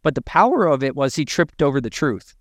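A man's voice: medium pitch, sing-song, brisk, dry recording, studio quality. A man co-hosting a business podcast, talking emphatically and acting out quoted lines as he gives advice to gym owners. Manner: emphatic, preachy, acts out quotes. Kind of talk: energetic business podcast talk.

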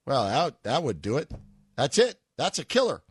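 A man's voice: medium pitch, huge pitch swings, normal speed, husky, dry recording, studio quality. A man hosting a political talk radio show, speaking in a sarcastic, mocking way full of rhetorical questions. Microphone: studio microphone.

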